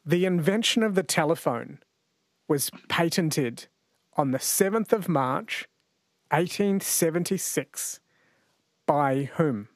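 A man hosts a late-night radio quiz in a chatty, laughing way. His voice sits a little high and sounds dry and close, and he slows down when he reads the questions. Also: expressive, dry recording. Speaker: radio host. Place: radio studio. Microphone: studio microphone.

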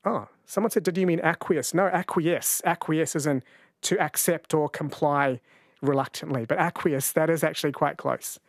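A man's voice: fairly high pitch, moderate pace, dry recording. A man of about forty, hosting a late-night radio talkback show in a chatty, storytelling way from a studio microphone. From New Zealand.

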